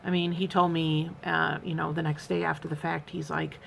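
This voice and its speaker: A woman's voice: low-pitched, level tone, moderate pace, vocal fry, hardly any pauses, slight background noise. A woman in her fifties talking candidly in a personal vlog, earnest and rambling, with many fillers and restarts. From United States. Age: 50s. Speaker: vlogger.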